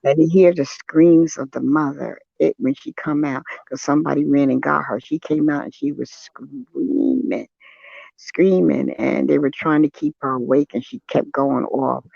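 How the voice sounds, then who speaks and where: An older man with a gravelly, fry-edged voice that sits a bit high for a man. He tells a personal account in an earnest, shaken way. The sound is dull and lo-fi, dry and close. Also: steady tone, moderate pace, no room sound. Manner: earnest, shaken storytelling with soft affirming hums. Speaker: guest on a live stream. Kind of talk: casual chat, personal account.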